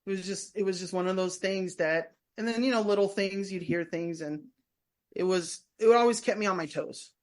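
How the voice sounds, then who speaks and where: A woman talks in a loose, meandering way, circling back and restarting her sentences as she tells her stories. Her voice sits at a middle pitch for a woman, unremarkable and easy. It comes across as relaxed interview talk. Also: moderate pace. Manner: chatty, meandering, full of restarts. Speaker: guest, former prison staff member and tour guide. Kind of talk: casual storytelling in a podcast interview.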